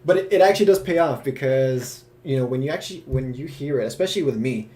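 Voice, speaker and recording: A man talking over a video call as the host of a casual live cast Q&A. His voice sits at an ordinary middle pitch. He rambles with excitement, stacks up fillers and breaks into laughs. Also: fast.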